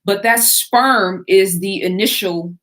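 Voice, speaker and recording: A woman's voice: medium pitch, slow, fairly bright tone. A middle-aged woman hosting a live Q&A, talking to her viewers in a loose conversational way with frequent fillers and restarts. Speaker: host answering viewer questions. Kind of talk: casual live Q&A talk.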